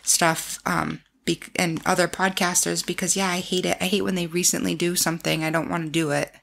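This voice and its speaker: A woman's voice: lowish voice, little pitch movement, a little fast, creaky, fairly bright tone. Rambling woman podcast co-host. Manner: rambling, lots of filler "like". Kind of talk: casual podcast chat.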